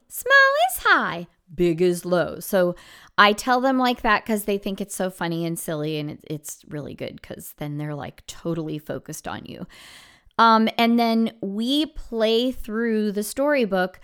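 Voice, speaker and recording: A woman music teacher hosting an instructional podcast, explaining classroom activities step by step and swooping her voice high and low to demonstrate. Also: expressive, unhurried, fairly bright tone, clear, resonant tone.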